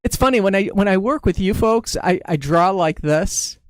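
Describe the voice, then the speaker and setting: A man's voice: sits high, lively intonation, normal speed, no echo. A man casually talking viewers through drawing a face on a balloon in a live-stream tutorial, narrating each step as he goes. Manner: chatty, talks through each step as he draws.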